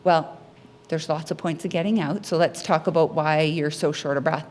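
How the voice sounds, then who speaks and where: Low-voiced lady teaching breathing tips to a crowd, chatty, acts out what patients say. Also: normal speed. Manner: lively, acts out patients' words. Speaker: pulmonary rehabilitation educator. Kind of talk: health education talk to an audience.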